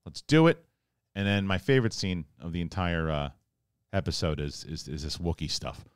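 A low-voiced man walks through a show in a casual spoiler review. He rambles and jokes, dropping into quick impressions of the characters' lines. The sound is close and dry, with no room around it. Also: smooth, dry recording. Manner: animated, acts out characters' lines in a joking voice; rambling, conversational, mild swearing.

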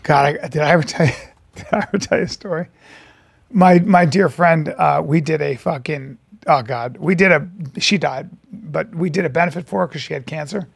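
With a fairly high, gravelly and husky voice at normal speed, this co-host swaps profane stories in casual podcast chat. He acts out the voices of the people he quotes, and the recording is dry.

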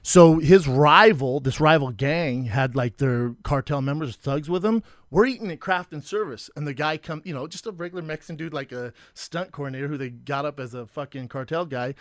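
A man's voice: fairly high pitch, a little fast, hardly any pauses, no echo, studio quality. A man, co-hosting a podcast and telling profane stories in casual chat. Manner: storytelling, acts out voices, profane. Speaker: podcast co-host.

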